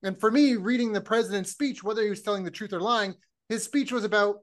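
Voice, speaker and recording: High-voiced Canadian man telling stories. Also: fast. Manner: animated storyteller, acts out quoted voices. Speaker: podcast host. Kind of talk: casual chat.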